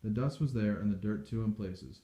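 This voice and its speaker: A man reading a novel aloud in steady, measured storytelling. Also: fairly low pitch. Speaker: audiobook reader. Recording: dull echoey home recording.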